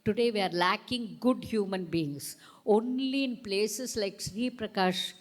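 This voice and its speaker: A middle-aged woman with an Indian English accent, a storyteller giving a speech at a school event and drawing the crowd into call-and-response. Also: medium pitch. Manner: slow, animated, coaxing the crowd. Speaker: storyteller and guest speaker.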